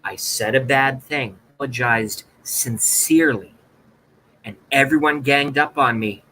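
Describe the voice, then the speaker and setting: Man, livestream host, sarcastic rant, mock-dramatic, bright tense voice. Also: mid-range voice, a little slow, a little hiss or hum, poor audio.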